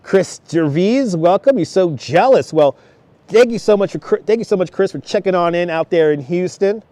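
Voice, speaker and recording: A man's voice: high voice, expressive, normal speed, warm tone, dry recording. A man in his thirties live-streaming outdoors on a snowy beach, chatting with viewers, greeting them by name and laughing often. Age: 30s. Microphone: wireless clip-on mic.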